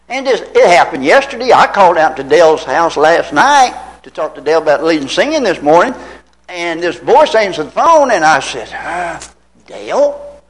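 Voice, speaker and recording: Older male preacher in his seventies, from Tennessee; folksy storyteller, high and animated voice, asks his congregation questions. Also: low-quality recording. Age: 70s. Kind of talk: anecdotal sermon.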